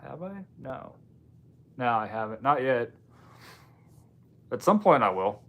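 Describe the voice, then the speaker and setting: A man hosting a relaxed livestream, chatting loosely and answering viewers with dry little asides. His voice sits at an ordinary middle pitch and he talks straight into a home streaming mic. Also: slow, narrow, tinny audio. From Washington State, US. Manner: loose and offhand, with frequent ums and dry asides. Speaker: livestream host. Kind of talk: casual live chat reading viewer comments.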